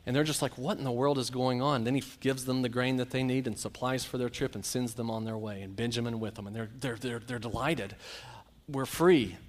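A man preaching a sermon, telling Bible stories and a personal anecdote and acting out the quotes with lively shifts. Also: medium pitch, a little fast. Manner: storytelling, animated, acts out quotes.

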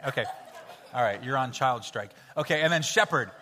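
A man leading an interactive children's Bible story in church, playful and coaxing as he cues the kids to shout sound effects. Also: medium pitch, expressive, normal speed, heavy background noise. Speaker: children's pastor. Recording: hall reverb with faint music.

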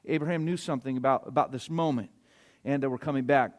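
A man preaching a sermon and reading scripture, speaking emphatically. He swings between loud stresses and quiet asides and keeps checking in with his listeners. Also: medium pitch, fast.

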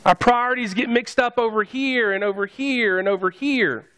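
Preaching in a very high, fairly bright voice at a normal speed, a male pastor keeps his sermon conversational and jokes with the congregation.

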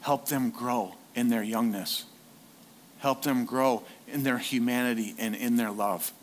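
A man voicing the Holy Spirit as a calm, gentle male voice, speaking softly and low to reassure. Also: unhurried, a little hiss or hum, natural voice. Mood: gentle, reassuring.

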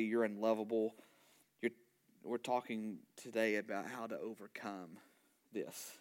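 A male pastor preaching a sermon in an animated way, often restarting phrases and asking his congregation questions. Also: fairly low pitch. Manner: animated, with frequent restarts and repeated words; asks the congregation rhetorical questions and call-and-response.

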